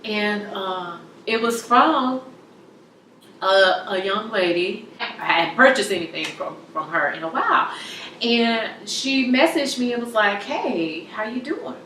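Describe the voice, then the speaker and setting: A woman giving an emotional personal testimony in an interview, halting and tearful, her voice dropping very soft at times. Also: medium pitch, expressive. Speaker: interview guest. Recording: roomy echo from far off, faint hum.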